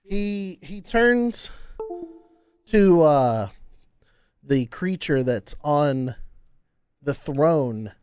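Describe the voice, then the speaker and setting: A man narrating as game master of a tabletop game, halting with many fillers. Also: on the high side, lively intonation, a little mellow, a little hiss or hum.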